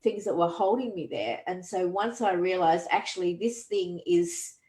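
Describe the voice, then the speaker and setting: Earnest woman, low voice, coaching talk, roomy echo. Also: very animated, normal speed, mellow. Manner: earnest, reflective, frequent restarts. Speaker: podcast host and coach.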